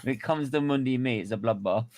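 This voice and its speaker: A man's voice: medium pitch, quick pace, darkish tone. A man hosting a football watchalong stream, blunt, swearing and laughing a lot. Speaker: stream host. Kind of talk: casual live watchalong banter.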